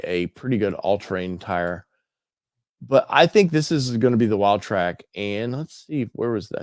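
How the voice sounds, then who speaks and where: A man's voice: on the low side, a little mellow, no echo, clean studio sound. A man hosting an automotive channel, talking casually and thinking aloud while he browses a website, with many fillers and restarts.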